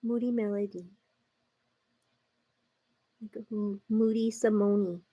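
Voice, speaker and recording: A woman's voice: medium pitch, fairly even intonation, slow pace, breathy edge, dull audio. A woman hosting a live makeup stream, chatting casually and confidingly to her viewers, calling them "girl" as she works. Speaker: livestream beauty host. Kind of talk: casual makeup tutorial chat.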